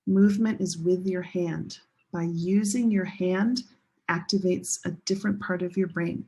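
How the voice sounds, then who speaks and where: A woman teaching a pronunciation lesson, leading learners through slow chanted drills. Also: on the low side, vocal fry, dark tone, slightly rough. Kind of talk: classroom lesson.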